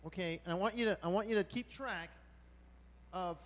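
A man preaches from the pulpit with a strikingly high voice. He talks loosely and animatedly and breaks into exclamations. His words ring out with a long reverb through the church hall. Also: normal speed. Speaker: pastor. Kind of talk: sermon.

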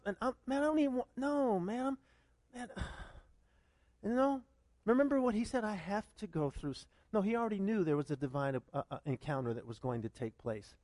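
High, lively-voiced preacher man. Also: no room sound, clean studio sound. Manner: conversational and animated, with many repeated starts and rhetorical questions. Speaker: pastor. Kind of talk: sermon.

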